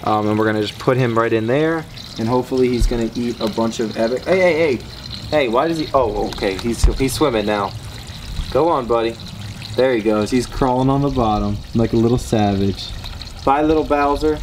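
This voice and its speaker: A young man hosting an outdoor fishing vlog, talking with excited, slangy enthusiasm by a backyard pond. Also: mid-range voice, a little fast, a little hiss or hum. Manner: enthusiastic, slangy, repeats "bro" and "beautiful". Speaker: fishing vlogger host.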